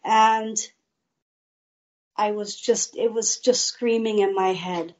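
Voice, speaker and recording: A woman's voice: mid-range voice, steady tone, dull audio. A woman guest earnestly telling a personal faith testimony in an interview. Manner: slow, earnest storytelling.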